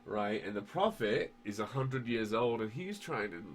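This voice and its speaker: A man's voice: lowish voice, expressive, moderate pace, soft background music. A man chatting casually on a podcast, rambling with lots of fillers and swearing, and at times building into heated rants. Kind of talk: casual conversational podcast chat.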